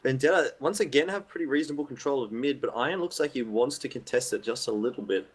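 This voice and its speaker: A man calling an esports match play by play in a steady, measured way. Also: medium pitch, breathy edge. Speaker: esports caster. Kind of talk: play-by-play commentary.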